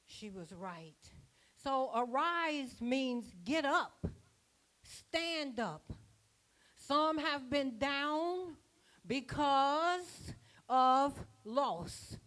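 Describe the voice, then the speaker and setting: A woman's voice: sits high, animated, very slow, fairly bright tone. A woman preaching a sermon at a church conference, folksy and rhythmic, with plain dialect grammar. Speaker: apostle preaching.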